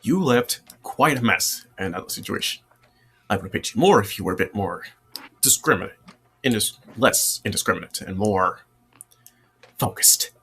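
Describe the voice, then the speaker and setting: A man's voice: on the low side, expressive, moderate pace, pauses often, pushed and bright, breathy edge, heavily acted. A man voicing a big male alien underworld contact who lectures sternly.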